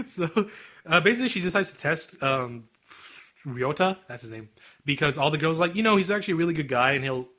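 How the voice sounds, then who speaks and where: Young male podcast co-host, quick and bright-toned, acts out quotes. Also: a little high. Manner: animated, acts out scenes in quoted voices. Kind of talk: casual anime chat.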